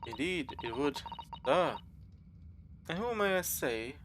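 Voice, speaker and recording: A man's voice: fairly high pitch, lively intonation, takes it slowly, background noise. Prim English maid, as a man puts her on. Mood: polite. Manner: formal, polite. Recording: game music underneath.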